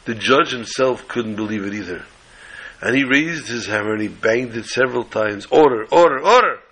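A man telling a story dramatically, swinging between loud passages and hushed ones. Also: lowish voice, normal speed, slightly rough, rough recording.

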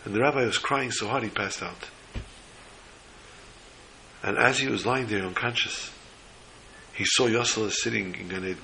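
A man's voice: lowish voice, normal speed, creaky, pauses often, slight background noise, rough recording. A man telling a religious story as a sermon, acting out the characters' voices with feeling. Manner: animated storyteller voicing characters.

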